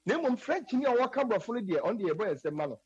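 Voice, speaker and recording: A Ghanaian man talks through his ideas with emphatic, lively force, his pitch climbing high and swinging widely. His voice is husky and a little breathy. The recording is dull and lo-fi. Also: fast. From Ghana, Asante. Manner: lively, emphatic, switches often into English. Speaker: guest speaking on Asante culture. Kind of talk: earnest conversational explanation. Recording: dull lo-fi sound.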